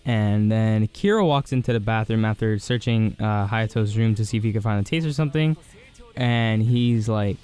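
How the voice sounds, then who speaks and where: A man casually recapping an anime episode in an excited, rambling way, full of fillers. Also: on the low side, moderate pace, clean tone, soft background music. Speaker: anime reviewer.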